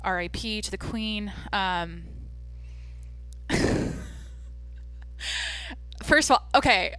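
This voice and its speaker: A young woman hosts her own podcast in a casual, rambling chat full of fillers and deadpan jokes. Her voice is bright and lively in tone. The recording is dry and close, with no room sound. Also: medium pitch, very slow, clean tone, no echo. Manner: rambling, jokey, lots of "like" and "um"; self-described deadpan. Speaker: podcast host.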